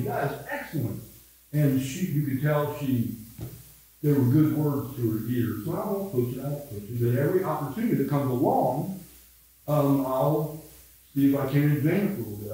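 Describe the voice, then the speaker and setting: A man's voice: on the high side, a little mellow. A man in his seventies with a Midwestern American accent, a pastor telling rambling, self-mocking stories in a casual Bible study. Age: 70s. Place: church room. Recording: echoey room, mic far off.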